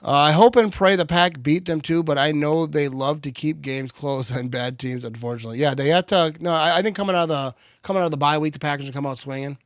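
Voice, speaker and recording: A man hosting a live game watch party, switching between excited play-by-play calls and relaxed chat. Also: fairly high pitch, fast talker, hardly any pauses, no echo, studio quality. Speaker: livestream watch party host.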